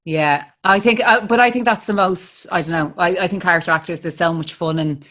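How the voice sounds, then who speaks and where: A woman's voice: lowish voice, a little fast, fairly bright tone. Chatty Irish woman hosting a podcast. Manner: chatty, rambling, many restarts and fillers. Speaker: podcast host. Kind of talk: casual interview chat.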